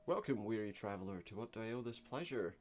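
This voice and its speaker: A man's voice: fairly low pitch, lively intonation, fast talker. A man voicing a theatrical, self-important male occult shopkeeper who speaks in grand, archaic phrases. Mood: grandiose.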